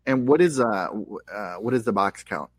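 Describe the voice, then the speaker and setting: A man with a somewhat low voice joins a casual chat, putting short questions that come out haltingly. The sound is dry and close. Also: lively intonation, husky, no room sound.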